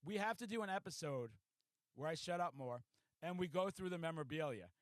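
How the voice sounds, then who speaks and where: A man hosting a podcast in casual chat, telling stories in an excitable, profane rush. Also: fairly high pitch, brisk, dry recording. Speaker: podcast host.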